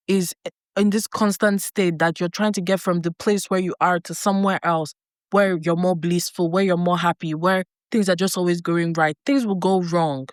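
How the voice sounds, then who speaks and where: A woman's voice: fairly low pitch, no echo, clean studio sound. A woman giving an earnest motivational talk to camera, repeating herself for emphasis. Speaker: life coach and vlogger.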